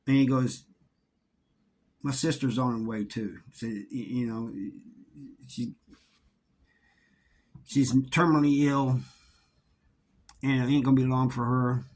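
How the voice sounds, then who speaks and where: A middle-aged man telling a story from his time in prison in a casual, halting way, often repeating words. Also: medium pitch, steady tone, darkish tone. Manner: halting, repeats words, drawling Southern-sounding grammar.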